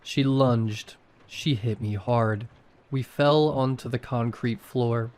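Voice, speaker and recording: A man reading a horror story aloud in a slow, measured way. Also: medium pitch, steady tone, darkish tone. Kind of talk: scripted horror narration.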